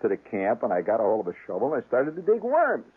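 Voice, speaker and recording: A man telling a rambling, humorous fishing story on the radio, jumping up and down in pitch as he gets worked up. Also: fast, husky. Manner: rambling, animated, restarts, chuckles. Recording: tinny, phone-like old radio sound.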